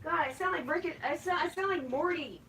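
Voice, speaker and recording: A woman's voice: very high-pitched, normal speed, a bit bright, a little hiss or hum. A woman streaming casually, swearing and stammering as she chases loose crickets into a cage. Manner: frustrated, swearing, stammering restarts. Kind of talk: casual live stream talk.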